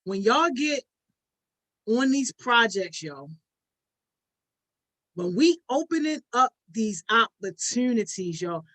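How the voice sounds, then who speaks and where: A livestream host with a bright, forceful tone and a pitch that sits in the middle, speaking in loose slang and ending almost every phrase with "yo". The host greets each viewer one by one. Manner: slangy, tacks "yo" onto nearly every phrase. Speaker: host of a youth program's online session. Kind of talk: casual livestream chat with participants.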